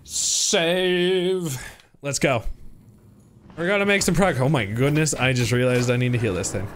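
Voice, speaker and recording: A man's voice: mid-range voice, lively intonation, fairly quick, slight background noise. A young man streaming a game, chatting playfully to his viewers and to the creatures on screen. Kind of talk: casual gameplay commentary.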